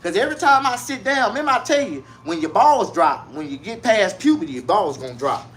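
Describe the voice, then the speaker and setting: Guy going off on a crude comic rant, high bright voice, bit of hiss behind. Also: a little fast. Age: 40s. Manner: loud, crude, animated street slang. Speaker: vlogger. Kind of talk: casual comedic rant to camera.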